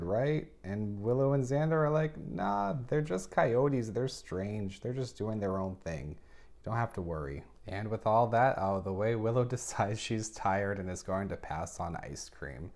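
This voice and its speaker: A man's voice: deep voice, a little mellow. A man casually recapping a novel, dropping wry personal asides between plot points. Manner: chatty, wry asides with laughs. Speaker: book review host.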